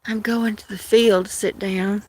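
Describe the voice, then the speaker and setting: A woman's voice: medium pitch, fairly even intonation, measured pace, darkish tone. A woman hosting a casual phone livestream outdoors, chatting to her cats and viewers in a rambling way. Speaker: livestream host. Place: outdoors with kittens, walking to a field.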